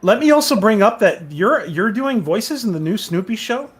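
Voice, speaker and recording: A man's voice: sits high, sing-song. A man hosting a live interview show, reading out viewer questions and comments to his guests. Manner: brisk, reads out questions. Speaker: host.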